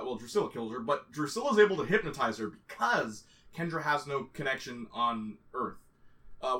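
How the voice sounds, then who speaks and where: A young man in casual chat, excitedly recapping a TV series in quick, rambling stories. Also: mid-range voice, far from the mic. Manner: fast, excitable storytelling, slips into quoted voices.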